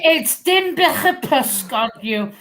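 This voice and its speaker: A woman from Wales on a comedy panel, talking over a video call. Her voice sits high and sounds bright and sharp, and her banter is boisterous and playful. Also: animated, slow, slight background noise.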